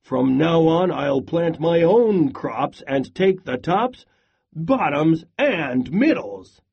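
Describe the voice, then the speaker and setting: A big, sleepy male bear from a storybook, slow-witted and grumbling. A man plays him with a lower, drowsy delivery, slow and slightly husky. The recording has a dull, lo-fi sound. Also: animated, heavily acted. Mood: angry. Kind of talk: storybook read-aloud.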